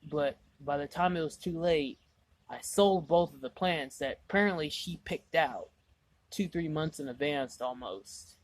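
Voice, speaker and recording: A man's voice: a little high, a little slow, no echo. A man vlogging casually, rambling through a story with lots of "I was like" asides, exasperated and mocking himself.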